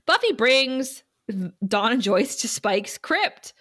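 A woman's voice: high voice, slow. A woman co-hosting a casual chat show, recapping a TV episode and acting out the characters' lines. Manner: animated, acts out quotes with laughs. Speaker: podcast co-host.

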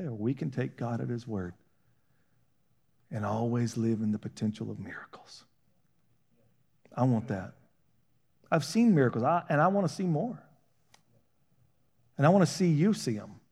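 A man's voice: mid-range voice, a little mellow. A man preaching a sermon in a conversational, folksy way, with call-and-response questions and rising emphasis.

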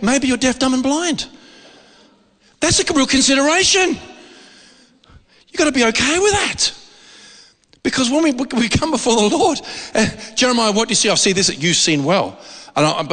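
A man preaching a sermon, telling a story with lots of laughter and excitement. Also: very high voice, big-room sound.

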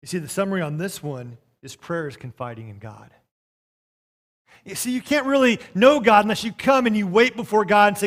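A man preaching a sermon as pastor, reading scripture and telling a story, swinging between soft passages and loud ones. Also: high voice, lively intonation, brisk.

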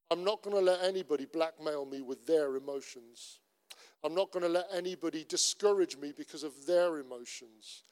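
A middle-aged Cornish man delivers a sermon in a high voice. His preaching is earnest and conversational, with lots of repetition. A long church-hall reverb trails behind him. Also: darkish tone, clean tone. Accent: Cornish English. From Cornwall. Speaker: pastor.

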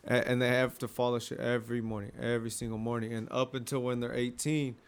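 A man's voice: medium pitch, level tone, fast, clean tone. Casual, profane young man retelling a story. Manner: loose and profane, acts out scenes in quoted voices. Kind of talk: casual chat.

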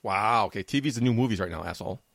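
A middle-aged man co-hosting a podcast, teasing his co-host with fast, mock-offended banter. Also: lowish voice, creaky, fairly bright tone, no room sound, clean studio sound. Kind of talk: casual banter.

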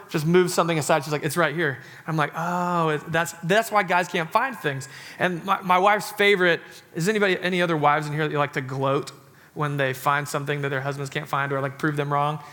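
Pastor guy in his 30s, kinda high bright voice, chatty jokey sermon, lots of "like". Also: fairly even intonation, quick pace. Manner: chatty, joking sermon delivery with many "like" fillers. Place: church sanctuary.

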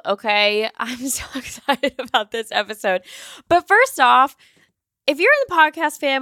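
A woman's voice: fairly high pitch, sharp tone, no room sound, studio quality. Bubbly, chatty woman podcaster. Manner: bubbly, chatty, swears casually, says "like" a lot. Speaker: podcast host and business mentor. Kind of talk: casual podcast monologue.

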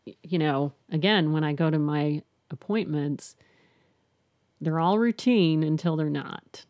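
A woman's voice: low-pitched, a little slow, no echo, muffled recording. A middle-aged woman, a guest, telling her personal story candidly and reflectively, often restarting and saying "you know".

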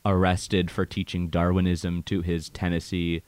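A man's voice: deep voice, monotone, unhurried, darkish tone, dry recording. A young man, a law student guest, chatting casually and hesitantly with many fillers. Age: young adult. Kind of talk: casual chat.

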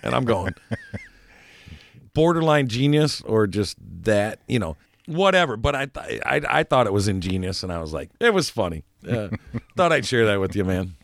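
A man's voice: on the low side, sing-song, moderate pace, gravelly, no echo. A man co-hosting a casual chat show who rambles through stories, laughs often and trips over his words. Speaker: co-host. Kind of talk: casual radio-style chat.

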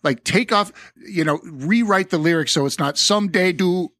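Podcast dude rambling about music, swears a lot, kinda high voice, dry close mic. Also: male voice, lively intonation, normal speed, fairly bright tone, no room sound. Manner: rambling, profane, lots of fillers and restarts. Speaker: podcast co-host. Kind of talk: casual chat about music.

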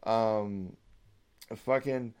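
A young man hosting a casual solo podcast, rambling excitedly like a hyped fan and swearing freely. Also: fairly low pitch, very slow, clear, resonant tone. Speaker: podcast host.

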